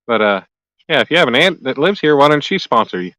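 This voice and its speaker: A man's voice: mid-range voice, pushed and bright, dry recording, rough recording. A man hosting a casual live stream outdoors by a lake at night, chatting easily and joking as he reads and answers viewer comments aloud. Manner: joking, easygoing. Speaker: livestream host.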